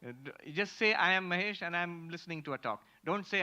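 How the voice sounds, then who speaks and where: A man's voice: high voice, fairly quick, few pauses, sharp tone. A man, a monk teaching Vedanta in a lecture with audience questions, emphatic and repeating key phrases. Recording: muffled lo-fi lecture recording.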